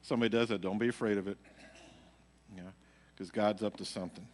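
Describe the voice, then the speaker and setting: Low-voiced man telling a church testimony. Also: steady tone, quick pace. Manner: rambling storytelling, heavy on fillers. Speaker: worship leader speaking at church. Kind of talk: casual personal testimony to a congregation. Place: church sanctuary. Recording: live church stream with long hall reverb.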